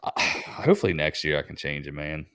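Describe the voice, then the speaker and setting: Animated, swearing male podcast co-host. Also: rumbling low, brisk, gravelly, clean tone, dry recording. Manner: loose, profane, laughing banter. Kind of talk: casual podcast chat.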